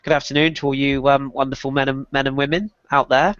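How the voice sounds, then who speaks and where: A man's voice: medium pitch, level tone, fairly bright tone, clear, resonant tone, no room sound. Man, podcast host, head cold, jokey, dry close sound, muffled lo-fi audio. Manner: jokey, quick to laugh. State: has a cold. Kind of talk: casual football podcast chat.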